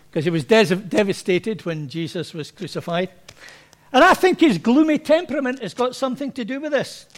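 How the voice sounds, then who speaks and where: A very high-voiced pastor preaches a sermon to his congregation. His style is conversational and anecdotal, and he often acts out the people he quotes.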